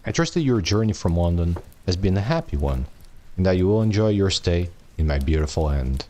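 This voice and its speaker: A man reading a courteous aristocratic count's letter in a measured, formal way. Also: sits low, sing-song, warm tone, a little hiss or hum.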